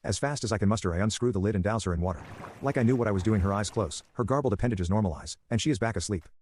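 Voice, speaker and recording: A man narrating first-person horror stories in a brisk, matter-of-fact scripted read. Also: on the low side, darkish tone.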